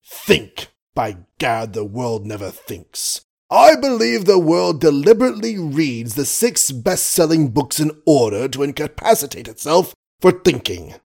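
Gruff, blustering old colonel, put on by a male audiobook reader; indignant and old-fashioned. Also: a little high, very animated, measured pace, few pauses, a little mellow, pitched above the performer's own voice, full character voice. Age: older.

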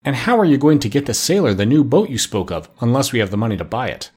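A man voicing a fussy, bossy female duck housekeeper in a storybook reading, scolding briskly. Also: medium pitch, expressive, darkish tone, breathy edge.

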